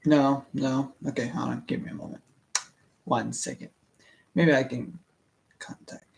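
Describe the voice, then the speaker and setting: A man's voice: medium pitch, unhurried, gravelly, darkish tone. A young man hosting a casual book reading stream, rambling and stammering with many fillers and restarts. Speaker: book reading channel host. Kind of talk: casual rambling livestream chat.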